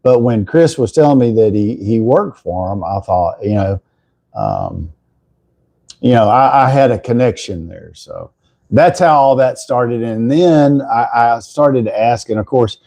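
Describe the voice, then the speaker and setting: A man's voice: medium pitch, animated, measured pace, creaky, mellow, no room sound. An older Texan man hosting a casual morning livestream, rambling through stories and thanking viewers by name. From Texas. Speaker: livestream host.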